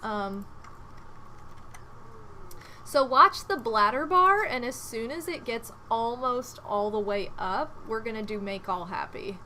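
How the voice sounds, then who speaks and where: Bright, lively woman streamer. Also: on the high side, slow pace, slight background noise. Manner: chatty, prone to loud exasperated outbursts and laughter. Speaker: game streamer. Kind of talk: casual gameplay commentary.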